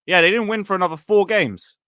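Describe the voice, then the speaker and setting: A man's voice: high voice, fast talker, bright, forceful tone, dry recording, clean studio sound. A man hosting a football livestream, chatting casually and reading out viewer messages. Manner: chatty, reads out chat messages. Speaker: livestream host.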